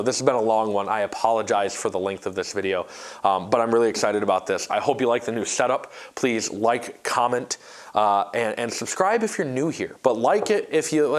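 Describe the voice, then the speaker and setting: A man vlogging a workshop build in a casual, rambling way, often stumbling and restarting his sentences. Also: lowish voice. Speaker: maker vlogger.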